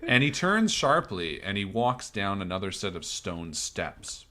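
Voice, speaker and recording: A man with a very low voice runs a tabletop game, narrating in a loose, rambling way. He fills pauses with "like" and "uh" as he describes the scene. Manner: relaxed, rambling narration with fillers. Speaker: game master.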